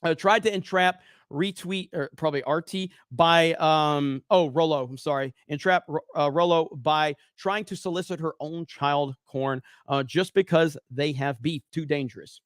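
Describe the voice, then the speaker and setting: A rambling, self-mocking man with a Southern accent hosts a livestream, swearing freely as he reads viewer messages. His voice sits a bit high for a man and sounds close and dry. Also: moderate pace, hardly any pauses, dry recording. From Alabama. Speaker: livestream host. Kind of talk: casual livestream chat, reading super chats.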